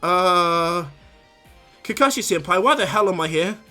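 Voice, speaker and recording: A man voicing a startled, high-strung young male ninja captain in a retold anime story. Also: expressive, measured pace, sharp tone, faint music behind, heavily acted.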